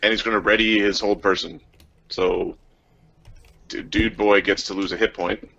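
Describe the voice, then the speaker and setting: Gravelly low-voiced gamer, lo-fi. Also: male voice, fairly even intonation, normal speed, bright, forceful tone, a little hiss or hum. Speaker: player. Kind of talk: casual tabletop game chat.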